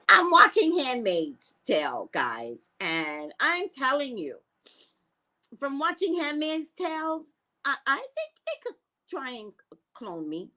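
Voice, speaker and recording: A woman who works as a psychic, telling a story in a casual, profane way and swinging between loud and hushed. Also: mid-range voice, very animated, unhurried.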